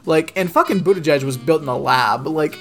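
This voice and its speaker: A man's voice: a little high, a little fast, music in the background. A man co-hosting a casual political talk show, ranting and mocking with plenty of swearing. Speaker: podcast co-host.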